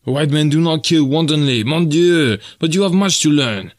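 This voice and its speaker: A man doing an excitable French naval officer. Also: on the high side, moderate pace, dry recording, studio quality, voice pushed up, natural voice. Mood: urgent. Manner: emphatic, raised exclamations.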